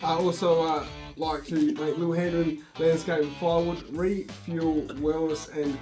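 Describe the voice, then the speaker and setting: A man's voice: a little high, level tone, a little slow, mellow, faint music behind, low-quality recording. An Australian man on a local football panel, easygoing and agreeable. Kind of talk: casual sports panel chat.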